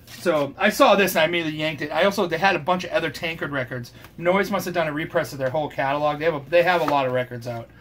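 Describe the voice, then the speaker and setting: A man's voice: on the high side, quick pace, a bit bright, a little hiss or hum. A man hosting a casual record review show, talking in a loose, rambling way and swearing casually. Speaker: host.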